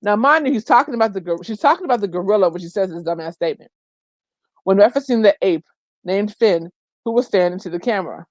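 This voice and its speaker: A woman's voice: medium pitch, quick pace, dry recording. Emphatic, outspoken woman vlogger. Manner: emphatic, animated, exclamatory; colloquial, says "child" and "girl" often. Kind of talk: opinionated commentary vlog.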